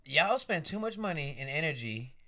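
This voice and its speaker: A man's voice: on the high side, big pitch swings, moderate pace, sharp tone, dry recording. A young adult man in casual podcast chat, teasing and rambling in loose slang. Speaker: podcast co-host.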